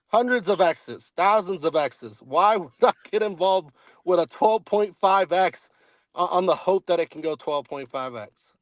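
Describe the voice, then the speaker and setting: A man's voice: on the high side, no echo. A man on a crypto panel arguing his point, with stammering restarts in a heated debate.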